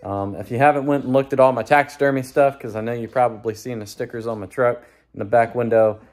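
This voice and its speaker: Relaxed man vlogging. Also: mid-range voice, fast talker. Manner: relaxed, rambling, many fillers. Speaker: hunting vlogger. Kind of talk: casual vlog talk.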